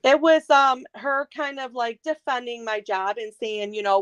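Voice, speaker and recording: This is an outspoken woman with a fairly high voice, a guest on a casual live stream. She tells stories animatedly, putting on the voices of the people in them, and often stops to restart a sentence. The sound is dry, with no room echo. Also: moderate pace, clear, resonant tone. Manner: animated, outspoken storyteller acting out quoted dialogue; frequent restarts, fillers.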